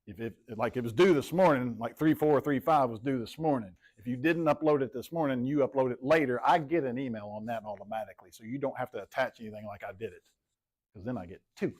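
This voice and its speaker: A man's voice: mid-range voice, quick pace, a little mellow. A man teaching a math class in a classroom, casual and joking, often repeating himself.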